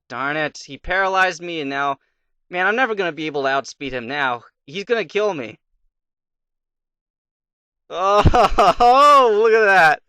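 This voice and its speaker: A man's voice: a little high, sharp tone, no echo. A young man casually commenting on his gameplay, rambling through a fairy tale between moves and muttering to himself. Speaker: let's play commentator.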